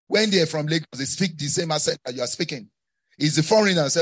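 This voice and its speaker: Male pastor, middle-aged, slightly raised pitch, call-and-response sermon with rising shouts. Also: fast talker. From West Africa.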